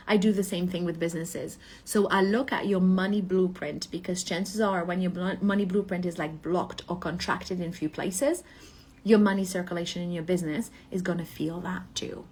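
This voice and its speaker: A woman's voice: lowish voice, steady tone, normal speed, darkish tone, breathy edge. A woman business coach giving a motivational talk, asking rhetorical questions and checking in with a frequent "okay?".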